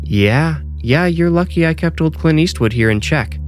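A man's voice: on the high side, lively intonation, normal speed, pitched above the performer's own voice, close to an everyday voice. A man doing a teasing, upbeat mom. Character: cheerful teasing mother.

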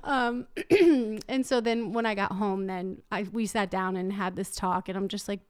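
A woman's voice: mid-range voice, normal speed, darkish tone, clean tone, no room sound, studio quality. A woman in her thirties, a mother chatting casually, telling a story and quoting herself. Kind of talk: casual chat.

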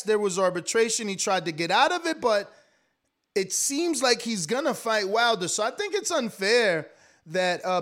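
A high-voiced man argues boxing on a call, stubborn and needling. He hammers the same jab again and again instead of yielding. His delivery stays casual and combative. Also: a bit bright. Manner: taunting, repeats jabs over and over. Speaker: boxing show panelist. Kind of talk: heated debate. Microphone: remote call mic.

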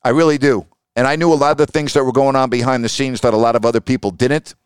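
A middle-aged man hosting a podcast, telling stories in an emphatic, animated way. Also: medium pitch, fast talker, clear, resonant tone, no echo, studio quality. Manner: emphatic, animated, acts out quoted voices. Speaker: podcast host and sports broadcaster. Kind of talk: storytelling monologue.

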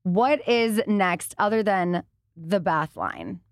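A woman hosting a podcast interview, encouraging her guest with quick affirmations. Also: mid-range voice, sing-song, no room sound, clean studio sound. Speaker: podcast host. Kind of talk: casual interview. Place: studio.

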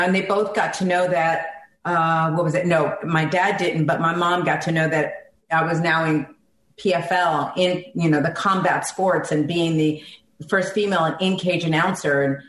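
A woman's voice: lowish voice, steady tone, normal speed. A middle-aged woman from South Carolina, a singer and ring announcer, reminiscing heartfelt and emotional as an interview guest. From South Carolina, USA. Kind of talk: conversational interview. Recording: echoey room, faint background noise.

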